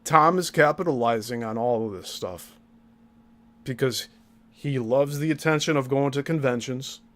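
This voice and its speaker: A man's voice: medium pitch, moderate pace, fairly bright tone. A man hosting a commentary podcast, breaking down an interview with critical, pointed remarks. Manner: critical, pointed asides to co-host. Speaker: host.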